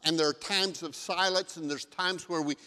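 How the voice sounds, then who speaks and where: A man's voice: a little high, steady tone, normal speed, sharp tone. Man, pastor, conversational sermon, echoing sanctuary. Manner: conversational storytelling.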